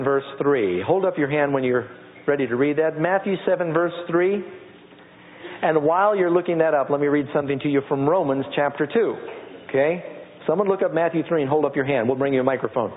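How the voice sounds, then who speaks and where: A man's voice: a little high, fairly quick. Preaching man in an echoing hall. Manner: conversational preaching, reads scripture aloud and asks the congregation to repeat lines. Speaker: pastor. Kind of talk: sermon. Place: church sanctuary with congregation. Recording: lo-fi phone-like audio with long hall reverb.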